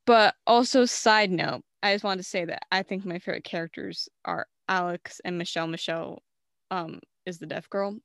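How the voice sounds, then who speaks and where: A woman's voice: lowish voice, steady tone, normal speed, gravelly, a bit bright, no echo, studio quality. A young woman co-hosting a casual movie review, retelling scenes with lots of fillers and acted-out quotes. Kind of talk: casual chat.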